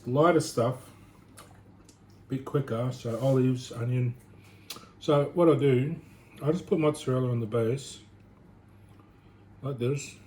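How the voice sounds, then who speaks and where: Man, home cooking vlogger, rambling chat, average pitch, noisy kitchen recording. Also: measured pace, long pauses, darkish tone. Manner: rambling, chatty, thinks aloud with restarts.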